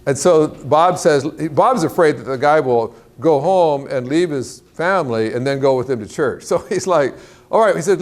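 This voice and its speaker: A man preaching to a large church crowd, telling a story with lively acted-out quotes and a lot of pitch jumps. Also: normal speed. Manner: animated storyteller, acts out quotes in a higher voice. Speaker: guest speaker. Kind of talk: sermon storytelling. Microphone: clip-on mic.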